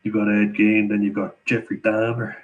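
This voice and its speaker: Chatty Irish man, lowish voice. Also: monotone, moderate pace, narrow, tinny audio. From Ireland. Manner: chatty, laughs often between remarks. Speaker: channel host answering viewer questions. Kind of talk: casual live Q&A chat.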